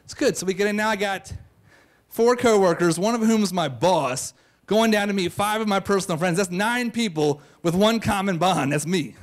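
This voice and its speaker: A man's voice: high voice, moderate pace. A man telling a comic, self-mocking true story on stage to a live audience, in a brash, boastful way.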